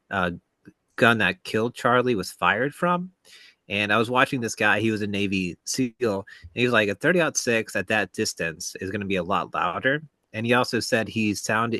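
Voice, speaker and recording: Bright-toned man explaining things at length. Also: on the low side, dry recording. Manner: lengthy explaining with frequent "uh" pauses. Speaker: podcast co-host. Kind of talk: casual podcast chat.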